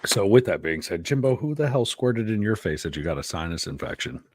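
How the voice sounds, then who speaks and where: A man's voice: lowish voice, big pitch swings, brisk, noisy background. A man hosting a casual live-stream chat, telling stories full of swearing and crude jokes. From Pennsylvania. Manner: crude, profane joking banter. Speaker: podcast host.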